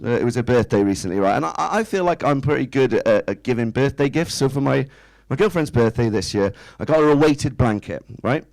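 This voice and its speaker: A man's voice: mid-range voice, lively intonation, a little fast, creaky, few pauses, darkish tone, no echo, poor audio. A man, doing a stand-up set in a small club, chatty and self-mocking, tossing rhetorical questions at the crowd. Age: 30s. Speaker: stand-up comedian. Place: small indoor comedy club stage.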